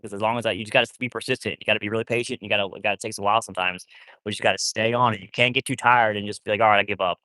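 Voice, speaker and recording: A man's voice: fairly low pitch, fairly even intonation, very fast, pushed and bright, no room sound, studio quality. A man talking casually to livestream viewers while working with his dogs, rambling and often restarting his sentences. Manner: rambling, repeats himself, trails off mid-sentence; soothing, cooing talk to his dogs. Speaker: wolfdog rescuer livestreaming. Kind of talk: casual live-stream talk to viewers.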